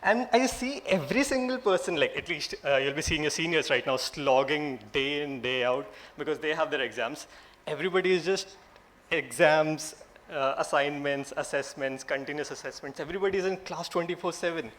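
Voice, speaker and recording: A man in his late twenties with an Indian English accent, giving a humorous, self-mocking motivational talk to new students and building to loud, emphatic lines. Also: fairly high pitch, brisk. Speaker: speaker addressing new law students.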